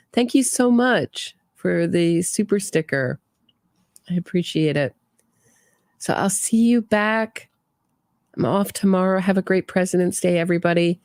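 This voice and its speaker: A woman's voice: fairly low pitch, a little mellow, dry recording, studio quality. A middle-aged woman hosting a casual true crime livestream, giving opinions and reading viewer comments aloud.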